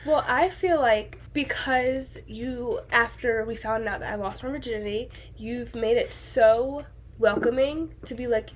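A young woman with a fairly high voice co-hosting a casual podcast, a little sniffly from a cold. She talks in a chatty, teasing way over a faint hiss in the background. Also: a little slow. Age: young adult. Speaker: podcast co-host.

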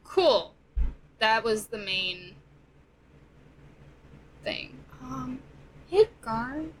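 A woman's voice: on the high side, expressive, extremely slow, rough recording. A woman playing a tabletop game, laid-back with short replies. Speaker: player.

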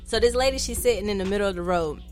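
Fast-talking woman telling a story. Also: mid-range voice, faint music behind. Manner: fast, lively, acts out quoted voices, swears freely. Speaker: podcast co-host telling a story. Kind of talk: casual chat, animated storytelling.

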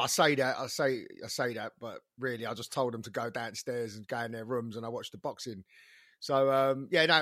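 Thirties man, bright tone, dry close-miked sound, relaxed sweary podcast chatter. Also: on the high side, dry recording. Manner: easygoing, sweary banter. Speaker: podcast co-host. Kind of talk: casual chat.

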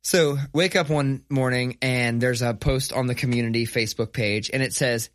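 Middle-aged man, podcast co-host, animated and profane storyteller, dry close sound. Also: medium pitch, normal speed, no room sound. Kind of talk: casual storytelling chat.

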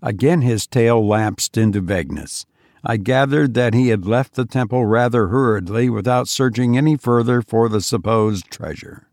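Guy narrating an old-style tale, steady measured read, dry close sound. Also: mid-range voice, dry recording. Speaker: audiobook narrator. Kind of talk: first-person story narration.

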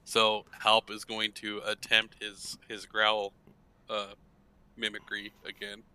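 A man's voice: on the low side, monotone, slow pace, sharp tone, clean tone. A man playing a tabletop game, joking at himself about his bad dice rolls. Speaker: player. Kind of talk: casual tabletop play.

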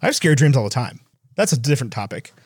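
Animated man in casual chat. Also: mid-range voice, slightly rough, dry recording, studio quality. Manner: animated, quick asides, does voices when retelling. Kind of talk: casual chat about movies.

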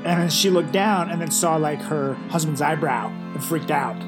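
A man's voice: fairly high pitch, normal speed, over music. A man co-hosting a podcast, chatting casually and spinning crude, absurd jokes. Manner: jokey, crude, spins absurd tall tales. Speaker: podcast co-host. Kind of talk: casual comedic chat. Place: home, over a podcast setup.

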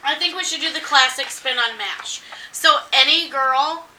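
Tipsy, excitable woman chatting at home. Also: high voice, moderate pace, echoey room, recorded from a distance, low-quality recording. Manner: giggly, excitable, swearing. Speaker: co-host. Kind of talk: casual chat.

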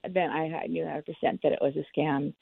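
Low, gravelly woman on a phone line. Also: fairly even intonation, fast talker. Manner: candid, acts out the dialogue. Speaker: interviewee. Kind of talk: personal storytelling. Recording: tinny phone line, dry.

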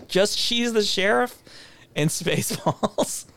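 A man's voice: high voice, slow pace, gravelly, fairly bright tone, clean tone, no echo. A man co-hosting a casual movie podcast, rambling and laughing as he talks. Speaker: podcast co-host.

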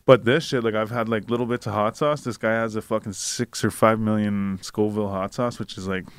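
A man's voice: lowish voice, fairly even intonation, brisk, smooth, no echo. A young man casually telling a long, profane, rambling anecdote. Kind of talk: casual chat, storytelling.

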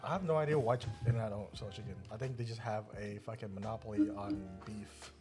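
A man's voice: on the low side, fairly even intonation, quick pace, a little mellow, soft background music. A young man in casual chat who swears freely and laughs often.

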